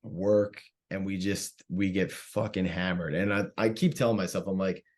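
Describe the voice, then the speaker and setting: A man telling a profane, animated story in casual chat and acting out what people said. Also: low voice, moderate pace. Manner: animated, profane, acts out quotes. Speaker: comedian guest.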